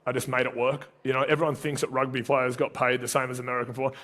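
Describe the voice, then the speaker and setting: An Australian man speaks to a live audience in a long-ringing hall, telling stories with energy and chatting straight to the crowd. His voice sits at a middle pitch, and his talk stays casual and motivational. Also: quick pace. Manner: energetic, conversational storytelling with audience asides. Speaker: speaker at a live career event. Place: event venue, live audience. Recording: reverberant event hall.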